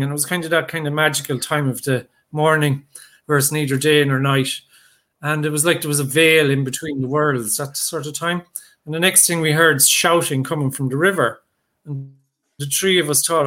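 Guy telling an old story, chatty, bright kinda sharp voice. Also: on the high side. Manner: rambling and conversational, with many fillers and restarts. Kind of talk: oral folk storytelling.

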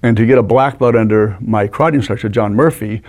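A man in his sixties telling animated stories as a guest in a studio interview, acting out the people in them. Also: on the low side, fast. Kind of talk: anecdotal storytelling.

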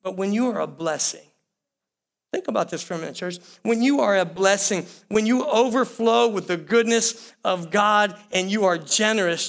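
A man's voice: high voice, gravelly, fairly bright tone. A man preaching a sermon, talking conversationally and addressing the congregation directly with repeated phrases. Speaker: pastor.

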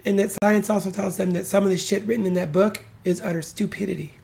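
A creaky, darkish mid-range voice with fairly even intonation rattles off a solo podcast rant at a quick pace. The adult host is blunt, profane and scornful, hammering insults and points through repetition.

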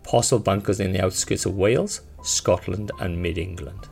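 A man's voice: low-pitched, moderate pace, gravelly, a little mellow, soft background music. A man narrating as game master of a tabletop game, in a casual, rambling manner full of fillers.

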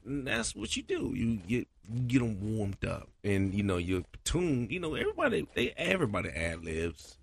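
A man hosting a casual podcast monologue, his voice a little scratchy, talking colloquially and getting animated. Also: fairly low pitch, moderate pace, vocal fry, few pauses. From Florida. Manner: animated, swings loud for chanted cadence bits; colloquial, repeats "you know". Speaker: podcast host, cadence caller.

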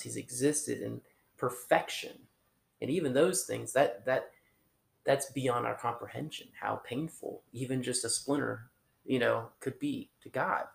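Gravelly-voiced man preaching casually. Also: mid-range voice, echoey room. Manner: conversational, halting, many restarts and fillers. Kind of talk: informal sermon.

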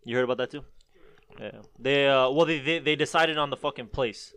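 Young man, quick rambling delivery, profane casual chat, dry close sound. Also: medium pitch, a bit bright, clear, resonant tone, no echo. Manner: rambling and profane, leans on "dude". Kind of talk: casual chat among friends.

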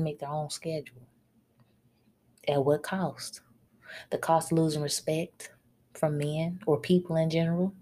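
Woman, podcast host, blunt scolding rant, lowish voice. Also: a little mellow.

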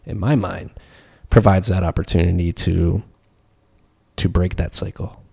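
A man's voice: low voice, steady tone, unhurried, creaky, a little mellow, slightly rough. A man co-hosting a casual podcast, rambling through his points with many fillers and self-corrections. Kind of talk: casual debate chat.

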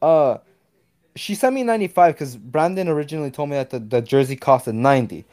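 A man's voice: on the high side, a little fast. A young man telling a story in casual chat, swearing often and acting out what people said. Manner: animated, swears a lot, acts out quoted lines.

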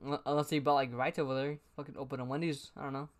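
A man's voice: medium pitch, level tone, rapid-fire. A young man hosting a casual podcast chat, reading questions aloud, laughing easily and swearing. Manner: giggly, loose, swearing.

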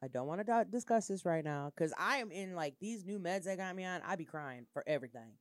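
A woman's voice: lowish voice, expressive, a little fast, no echo, studio quality. A woman co-hosting a casual chat, talking bluntly, swearing freely and reading items aloud. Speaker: podcast co-host.

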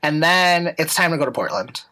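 Rambling podcast host with casual swearing. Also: female voice, sits low, expressive, fairly quick, pushed and bright, poor audio. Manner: rambling, lots of fillers and restarts; swears casually, laughs while telling. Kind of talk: casual storytelling chat.

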